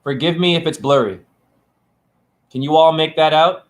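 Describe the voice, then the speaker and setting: A man's voice: a little high, moderate pace, pauses often. Taunting, preachy man live-streaming. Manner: preachy and taunting, keeps asking "right?". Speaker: self-styled spiritual teacher streaming to a chat. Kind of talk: live-stream rant to viewers. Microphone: phone camera.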